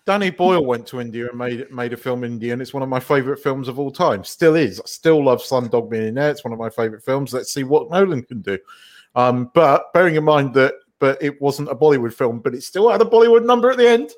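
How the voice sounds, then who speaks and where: A man co-hosting a podcast, hesitant and filling pauses with ums in casual film chat. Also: medium pitch. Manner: hesitant, full of ums, giggly. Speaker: podcast co-host.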